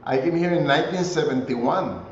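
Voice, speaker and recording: Older male guest, unhurried storyteller, hesitant, slightly muffled and roomy. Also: a little high, a little hiss or hum. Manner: relaxed storytelling with frequent hesitations. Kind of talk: conversational interview.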